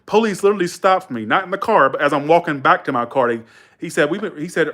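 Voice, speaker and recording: This live streamer is a young man from Georgia in the US whose fairly high, fairly bright voice moves fast. Rambling and colloquial, he tells his viewers a story packed with restarts, asides and self-corrections, quoting people in a raised voice.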